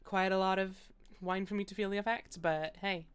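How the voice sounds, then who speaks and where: A woman's voice: mid-range voice, fairly even intonation, normal speed, clear, resonant tone. A young British woman chatting casually while streaming a game, rambling and laughing often. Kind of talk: casual gaming stream chat.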